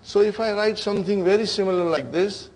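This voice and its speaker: A man with a voice that sits high and a darkish tone teaches Arabic grammar a little fast. He explains the terms in English, checks understanding with "huh?" and "okay?", and calls his students brothers and sisters.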